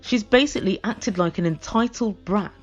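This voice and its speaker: A woman's voice: medium pitch, normal speed, lo-fi sound, soft background music. A woman giving a comedic recap of a reality show in a blunt, sarcastic, mocking way. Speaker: reality TV reviewer.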